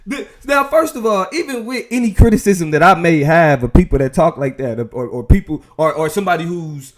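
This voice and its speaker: A man hosting a casual commentary show, talking in an animated, emphatic way with frequent restarts. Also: fairly high pitch, fairly quick. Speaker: show host.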